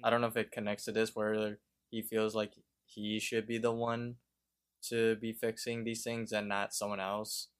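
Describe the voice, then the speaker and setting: A man's voice: on the low side, monotone, moderate pace, smooth. A man co-hosting a podcast in casual chat, talking hesitantly and thinking aloud as he describes a cartoon scene. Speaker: podcast co-host.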